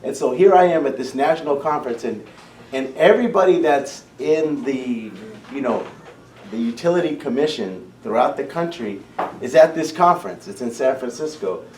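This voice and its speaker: A man who founded a community program gives an impassioned public talk to parents in a school meeting room, frequently starting his phrases over. His fairly high, darkish voice is animated at a moderate pace, captured by a distant mic in an echoey room with a faint hum.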